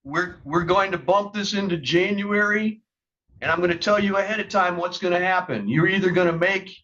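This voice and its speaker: A man's voice: high-pitched, fairly bright tone, muffled recording. A man presiding as a judge at a court hearing, stern and lecturing.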